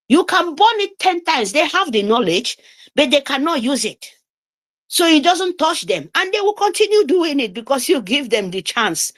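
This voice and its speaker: A woman's voice: high-pitched, a bit bright. A woman with a Nigerian accent giving an impassioned, scolding political speech over an online call, repeating phrases for emphasis. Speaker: speaker on an online group call. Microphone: remote call microphone.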